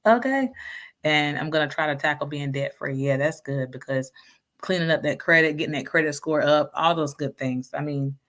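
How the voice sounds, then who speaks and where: A woman talks through viewer comments in a loose, casual chat. Her voice sits low, and her manner is frank and sassy, full of slang and quick laughs. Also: fairly bright tone. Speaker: vlogger reading viewer comments.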